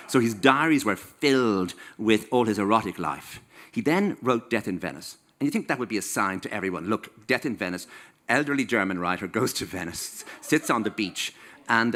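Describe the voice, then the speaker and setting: Irish man, 60s, author at a live talk; wry comic storyteller with a bright, forceful voice. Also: on the low side. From Ireland. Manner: wry, playful, acts out quoted voices. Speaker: author giving a stage talk. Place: stage in a small venue.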